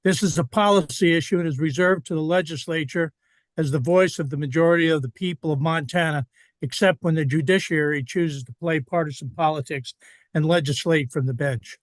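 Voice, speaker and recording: A man's voice: a little high, a little fast, no echo. A state representative, a man, firmly reading a prepared statement over a remote call. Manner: firm, reads a statement. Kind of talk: prepared public comment.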